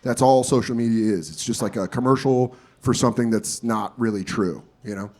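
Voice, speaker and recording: A man doing a stand-up comedy set on a club stage, telling profane stories with loud, exaggerated bursts of character voices. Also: medium pitch, fairly quick.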